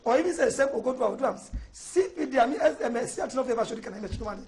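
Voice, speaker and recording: A man speaking Cameroonian Pidgin English as a debate panelist, indignant and halting in a heated studio debate. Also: extremely high pitch, a little mellow, a little hiss or hum.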